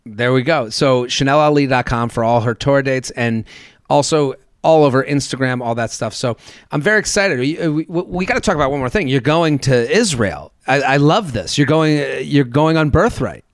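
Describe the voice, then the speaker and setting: A man hosting a podcast in casual chat, animated and jokey, reading listener emails aloud. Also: mid-range voice, normal speed, no room sound, clean studio sound. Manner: animated, jokey, puts on comic voices. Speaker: podcast host.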